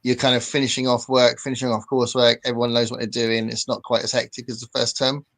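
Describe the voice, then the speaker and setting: Casting: male host, bright forward voice, rambling easygoing chatter on a video call. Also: medium pitch, level tone, quick pace. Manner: chatty, rambling, reads out chat comments. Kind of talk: casual livestream chat.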